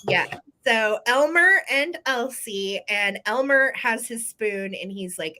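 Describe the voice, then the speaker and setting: A woman chatting through a live vintage sale in a bright, forceful voice. She is playful and quick to laugh, and she keeps up an easy banter with her co-host. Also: a little high, animated.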